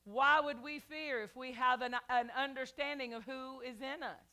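A woman's voice: high voice, steady tone, normal speed, bright, forceful tone. A woman pastor delivering a sermon, emphatic and repetitive, calling out to her congregation.

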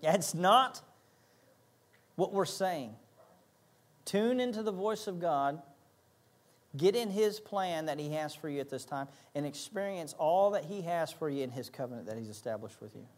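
A man's voice: fairly high pitch, animated, normal speed, pauses often. A man pastor preaching a sermon, emphatic, repeating key phrases and acting out little asides.

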